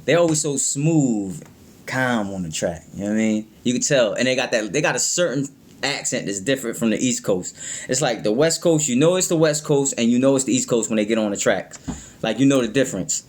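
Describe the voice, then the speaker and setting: A man talks through a music reaction in a loose, rambling way. He trips over his words and circles back to his points. He keeps asking "you know what I mean?" at a medium pitch. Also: animated, brisk. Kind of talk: casual reaction commentary.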